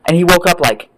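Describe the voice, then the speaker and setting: A man ranting off the cuff as a vlogger, angry and sweary, rambling between loud outbursts and low mutters. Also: low-quality recording. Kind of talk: profane off-the-cuff rant.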